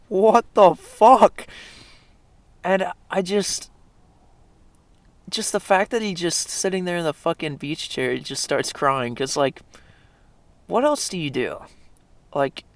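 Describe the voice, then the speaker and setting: Gravelly, profane young man rambling. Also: on the high side, dry recording. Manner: profane, rambling, with frequent fillers and self-corrections. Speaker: video creator. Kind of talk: casual storytelling monologue.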